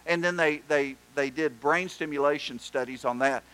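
A pastor preaching a sermon, telling stories and doing animated voices for the people in them. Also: male voice, a little high, moderate pace, poor audio. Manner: storytelling, animated joke voices.

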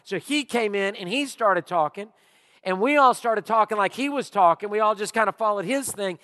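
A male pastor preaching a sermon, telling stories with animated, drawn-out emphasis. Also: high voice. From Louisiana. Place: church auditorium. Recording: long reverb of a church hall.

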